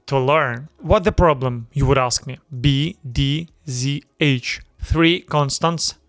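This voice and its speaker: Slow-talking Ukrainian-accented man. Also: mid-range voice, no echo, clean studio sound. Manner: slow, deliberate, repeats words to demonstrate sounds. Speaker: YouTube host teaching pronunciation. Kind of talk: pronunciation lesson to camera.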